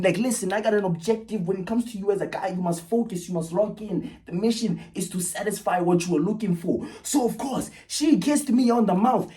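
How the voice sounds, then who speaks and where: A young man recounts a story in a loose, casual vlog. He talks with animation, jumping from loud, excited bursts down to low, muttered asides.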